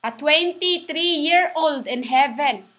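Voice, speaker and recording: A woman giving a rambling religious monologue, halting and restarting, spelling words out letter by letter. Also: high voice, fairly bright tone. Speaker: self-styled preacher.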